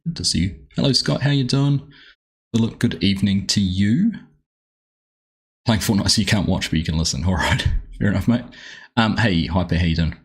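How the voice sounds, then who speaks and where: A deep-voiced Australian man with a husky edge to his voice, streaming a game live from home. He chats in a loose, rambling way and greets viewers by name as he goes. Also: moderate pace, pauses often. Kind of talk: casual live-stream chat.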